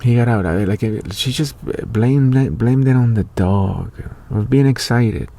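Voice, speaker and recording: A middle-aged man hosts his own online show in a warm, medium-pitched voice that moves a little slowly. His monologue is loose and rambling, full of fillers and restarts.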